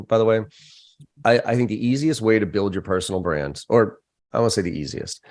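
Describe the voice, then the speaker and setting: A middle-aged American man, a sales trainer, telling stories candidly with profanity and lively quoted voices. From United States. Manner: animated, profane, acts out quoted voices with big pitch jumps. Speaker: sales trainer and podcast guest. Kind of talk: candid conversational storytelling.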